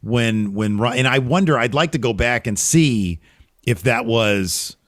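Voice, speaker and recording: A man's voice: mid-range voice, measured pace, fairly bright tone, dry recording, clean studio sound. A man co-hosting a podcast, giving an opinionated casual recap of a wrestling show, often trailing off and restarting.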